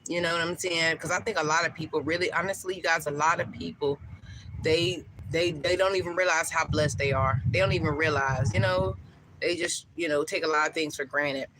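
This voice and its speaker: A woman's voice: low-pitched, steady tone, brisk, background noise. A woman, chatting emotionally with viewers on a live stream outdoors. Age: 30s. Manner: warm, emotional, talks to viewers with many fillers. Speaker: livestream host. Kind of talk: casual live-stream chat.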